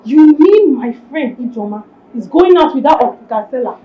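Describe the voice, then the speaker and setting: A blunt Nigerian friend. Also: female voice, high-pitched, animated, moderate pace, highs cut off. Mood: shocked. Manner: questioning, exclaiming. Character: protective female friend, suspicious and blunt.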